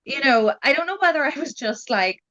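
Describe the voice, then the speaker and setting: A woman's voice: high voice, lively intonation, fairly quick, sharp tone, lo-fi sound. A young adult woman, telling her story as a guest in a casual, chatty way, full of "like" and "you know". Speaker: guest sharing her genetic testing experience.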